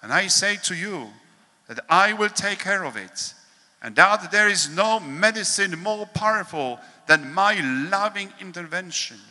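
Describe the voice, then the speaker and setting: A priest reads a devotional meditation in a large hall, slowly and solemnly, measuring his words and pausing often. His male voice sits high, sounding animated and sharp.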